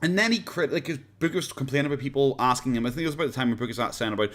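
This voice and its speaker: An Irish man with a medium-pitched, slightly bright voice talks very fast while hosting a casual reaction livestream from home, pets nearby. He rambles, laughs a lot and swears casually into a USB condenser desk mic.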